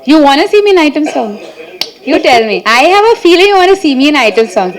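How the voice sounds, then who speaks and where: A woman's voice: sits high, big pitch swings, quick pace, low-quality recording. A woman actress answering press questions in a chatty, playful way, laughing often and restarting her sentences. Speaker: actress at a film press meet. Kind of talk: casual press-meet answers.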